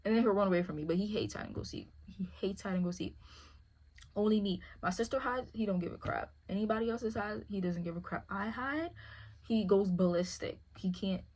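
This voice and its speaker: A woman's voice: medium pitch, brisk, darkish tone. A woman who handles a service dog, talking casually and rambling, often asking "you feel me". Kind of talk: casual chat.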